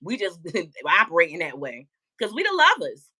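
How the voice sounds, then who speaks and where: Loud laughing woman, bright voice. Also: on the low side, wildly swooping pitch, normal speed. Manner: loud, laughing, profane, talks back to chat. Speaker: tarot reader streamer. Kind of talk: casual live-stream chat.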